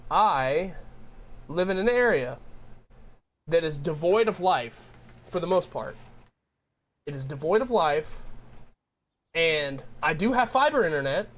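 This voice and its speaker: Streamer guy ranting to chat, kinda high voice, rambles and restarts a lot. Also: a bit bright. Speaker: game streamer. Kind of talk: casual chat with stream viewers.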